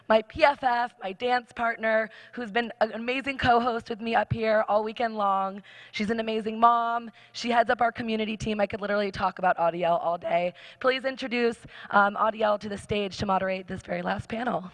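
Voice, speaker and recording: Woman event co-host, hoarse from the weekend, enthusiastic, dry close sound. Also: on the high side, fairly even intonation, normal speed, a bit bright, dry recording. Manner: bubbly and enthusiastic. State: losing her voice. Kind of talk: stage introduction.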